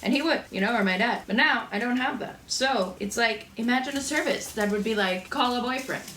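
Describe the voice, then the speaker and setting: A woman's voice: fairly high pitch, fairly quick, fairly bright tone, reverberant, slight background noise. A young woman chatting casually and swearing freely while she cooks in her home kitchen, rambling between stories. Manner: chatty, profane, rambling storyteller. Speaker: cooking vlogger. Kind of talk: casual cooking chat.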